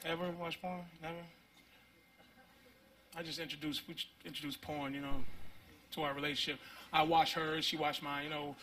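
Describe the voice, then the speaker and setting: Stand-up comic, thirties, high-pitched man, profane, chatty, acts out bits. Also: little pitch movement, normal speed, long pauses, pushed and bright. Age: 30s. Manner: conversational, profane, acts out voices. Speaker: stand-up comedian. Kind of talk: stand-up comedy routine.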